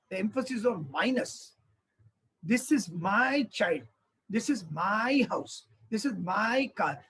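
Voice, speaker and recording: A man teaching a discourse on scripture, animated, asking rhetorical questions and acting out small dialogues. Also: high-pitched, husky, poor audio. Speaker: spiritual teacher.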